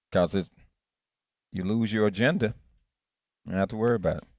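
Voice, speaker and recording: A man's voice: lowish voice, a little fast, pauses often, darkish tone, no echo, studio quality. A male pastor giving an interactive sermon, earnest, often repeating and restarting his phrases. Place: church.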